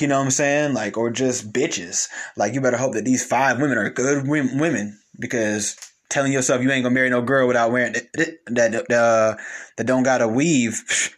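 Bright-voiced blunt man, animated monologue. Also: mid-range voice. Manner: blunt and animated, full of slang and repetition. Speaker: commentator. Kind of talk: casual monologue on relationships.

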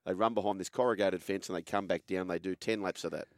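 A man's voice: low-pitched, quick pace, no echo, studio quality. An Australian man hosting a casual sports chat, telling a story and acting out the quotes. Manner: animated storyteller, acts out quoted voices. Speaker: host.

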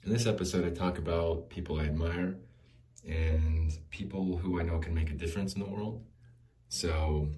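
Male podcast host, 40s, deep warm voice, rambling comic monologue. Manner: jokey, rambling, laughs often.

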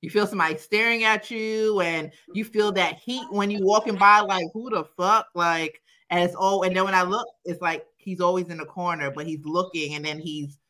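Woman, young adult, podcast co-host, bright tone, profane, animated storytelling. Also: lowish voice, moderate pace, hardly any pauses. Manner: profane, animated, quotes herself, laughs often. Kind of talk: casual chat, personal storytelling.

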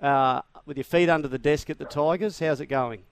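A man's voice: a little high, a little fast, smooth. An Australian man hosting a sports radio show in casual, jokey chat, often laughing.

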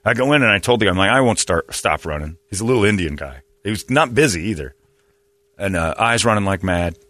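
Lively, bright-voiced man in his fifties. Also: lowish voice, fast talker, dry recording. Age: 50s. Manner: rambling, self-mocking storytelling. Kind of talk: casual comedic chat.

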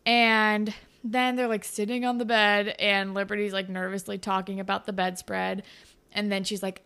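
Gravelly animated young woman recapping a show. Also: mid-range voice, moderate pace. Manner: profane, animated, acts out characters' lines. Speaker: podcast co-host. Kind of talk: casual chat recapping a TV show.

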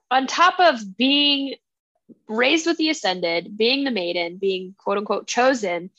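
A high-pitched woman chatting casually as a podcast co-host about a book she loves. She retells scenes with lively quoted voices. Her voice sounds dry and close but slightly dull and muffled. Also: slow pace, no room sound.

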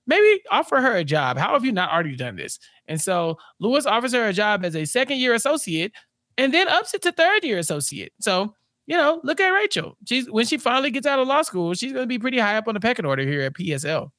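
A man's voice: extremely high pitch, fast talker, no room sound, studio quality. A man co-hosting a podcast, recapping a TV episode in casual chat and acting out the characters' lines as he goes. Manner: animated, acts out characters' lines mid-story. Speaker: podcast co-host.

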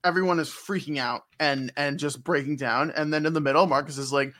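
A man's voice: on the high side, fairly even intonation, a little fast, few pauses, pushed and bright. A young man who co-hosts a casual podcast, rambling and joking with frequent laughs. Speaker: podcast co-host recapping a game. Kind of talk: casual chat.

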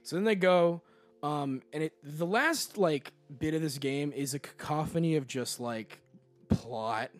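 A man co-hosting a casual podcast, recapping a video game and acting out the characters' lines as he goes. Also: a little high. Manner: animated, quick to act out characters' lines. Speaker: podcast co-host.

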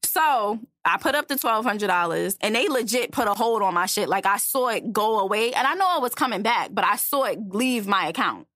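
Animated young woman telling a story. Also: mid-range voice, a little fast, few pauses, dry recording, studio quality. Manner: animated, swearing, frequent restarts. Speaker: podcast co-host. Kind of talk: casual storytelling.

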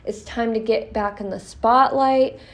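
A woman's voice: on the high side, fairly even intonation, a little slow. A young woman giving a casual tarot reading on her podcast, talking in a blunt, profane and encouraging way. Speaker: tarot reader.

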